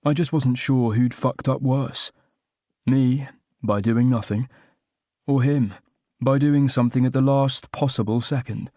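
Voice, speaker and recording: A man's voice: mid-range voice, fairly even intonation, unhurried, warm tone, no echo, clean studio sound. A man narrating a first-person romantic comedy audiobook with a wry, self-mocking comic delivery.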